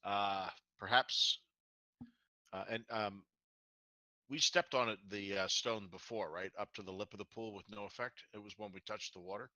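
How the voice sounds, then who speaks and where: A man with a low but sharply bright voice plays a tabletop game and describes what his spellcaster does. He hesitates, filling gaps with fillers, and his voice sounds dry and close. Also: steady tone, moderate pace, no echo, muffled recording. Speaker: player. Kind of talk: narrating his character's actions.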